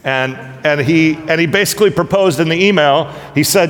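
Joking pastor in a reverberant hall. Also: male voice, fairly high pitch, moderate pace. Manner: conversational, joking, animated storytelling. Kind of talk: casual humorous sermon.

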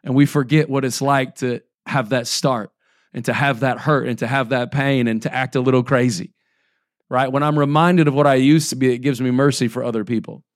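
A pastor in his forties delivers a sermon in a relaxed, chatty way, reading scripture and then breaking off to check in with the listeners. His voice sits at an ordinary middle pitch for a man. It is recorded close and dry, with no room sound. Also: a little fast, dry recording. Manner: conversational preaching with frequent checks like "right?" and "okay?"; reads scripture aloud between plain-spoken asides.

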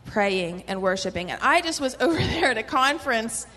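A woman's voice: fairly high pitch, sing-song, normal speed, bright, forceful tone, in a large hall. A woman telling her personal religious testimony in a fervent, earnest way, full of "like" fillers and small laughs. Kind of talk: personal testimony in casual conversation.

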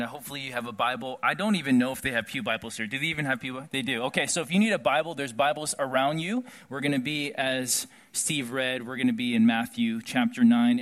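A man pastor giving a casual, conversational sermon, joking about himself and acting out quoted prayers. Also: medium pitch. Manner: conversational, self-deprecating, animated when quoting.

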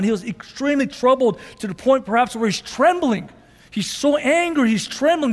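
Male pastor, high voice, emotive sermon delivery, long hall reverb. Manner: emotive preaching, swinging from loud intensity to quiet softness.

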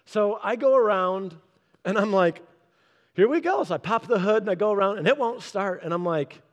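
A man preaching, telling a story in an animated way and acting out the quoted people in changed voices. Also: high-pitched, a little fast. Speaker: pastor. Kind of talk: storytelling sermon. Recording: long hall reverb.

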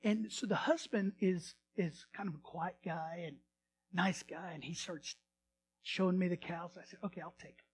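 A male pastor telling a story in a sermon, animated, swinging from loud bursts to hushed retelling. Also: high-pitched, unhurried, slight background noise.

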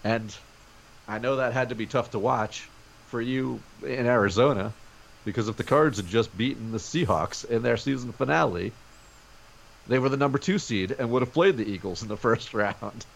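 A man's voice: medium pitch, moderate pace, vocal fry, a little hiss or hum. A man co-hosting a sports podcast from home over a video call, talking energetically in casual chat. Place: home during a snow day.

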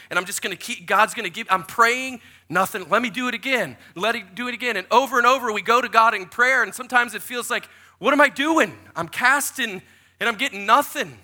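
A man in his forties, a pastor giving a sermon full of lively, joking personal stories. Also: sits high. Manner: animated, jokey storyteller who acts out quotes.

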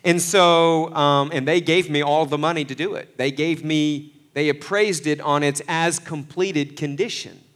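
A man preaching a sermon, swinging between loud, fervent passages and hushed asides, acting out the voices he quotes. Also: a little high, fairly even intonation, measured pace, hardly any pauses. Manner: acts out quoted voices with folksy phrasing. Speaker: pastor.

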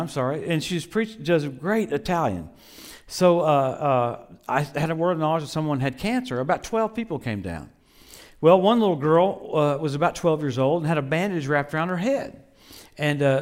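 A middle-aged male preacher with a high voice tells stories from the pulpit. He swings between loud, punchy exclamations and quiet, hushed asides, keeping the sermon lively. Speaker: visiting preacher. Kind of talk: storytelling sermon.

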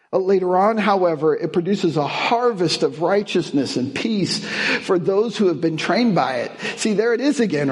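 A man preaching a sermon as guest speaker, mixing family stories and humor with Bible verses, building to emphatic peaks. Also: high-pitched. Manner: storytelling with humor, chuckling, rising emphatic peaks.

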